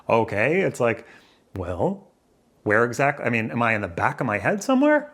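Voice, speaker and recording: Indoors by a window, a man talks to a camera facing him, rambling through his thoughts and second-guessing himself in a casual monologue. His medium-pitched voice swoops wildly, moves at a normal speed, and has a fairly bright tone.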